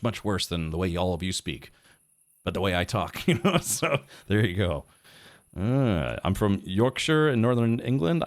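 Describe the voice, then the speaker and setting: A man with a somewhat low voice chats casually while streaming a game. He rambles and thinks aloud, stopping and restarting his sentences. Now and then he reads chat messages and quest text aloud. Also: no echo, clean studio sound. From United States.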